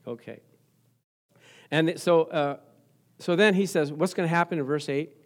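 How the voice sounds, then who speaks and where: Brief: middle-aged man, pastor mid-sermon, a touch high-voiced, playful, talks straight to the pews. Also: normal speed. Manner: lively, joking, calls out to the congregation.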